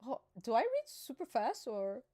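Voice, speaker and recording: A young adult woman hosts a casual live channel chat reacting to a manga chapter, her voice high and bright at a moderate pace. Excitable and emotional, she rambles as thoughts come, dropping slang and plenty of fillers.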